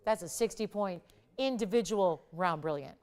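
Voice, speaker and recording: A middle-aged woman hosts a live jewelry shopping broadcast, her voice smooth and clear at a mid pitch. She talks in a chatty, enthusiastic sales patter, teasing out numbers and building suspense before each price. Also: expressive, normal speed, a little mellow. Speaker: shopping channel host.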